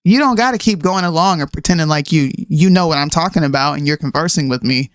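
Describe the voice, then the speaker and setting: A woman in her thirties, a podcast co-host, chatting casually and ranting in an animated way, mixing in slang and laughs. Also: low voice, quick pace, no room sound, studio quality. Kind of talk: casual chat.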